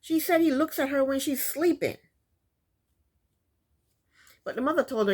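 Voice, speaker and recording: A woman's voice: sits high, animated, measured pace. A woman casually recapping a reality show, chatty and sassy, often breaking into laughs.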